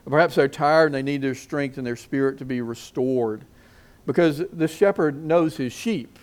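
A middle-aged male pastor preaching a sermon, asking the congregation questions and swinging his loudness for emphasis. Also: mid-range voice, moderate pace. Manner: preaching with call-and-response questions.

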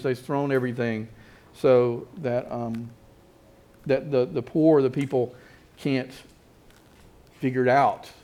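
A man's voice: mid-range voice, darkish tone. A male pastor delivering a sermon in a loose, conversational manner. He circles back on his words, restarting and repeating phrases as he goes.

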